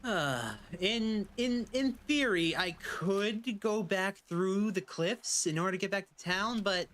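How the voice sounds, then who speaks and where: A man's voice: sits high, animated, slow, hardly any pauses, a bit bright. A man casually chatting through a live-streamed game, rambling and dropping playful pirate asides.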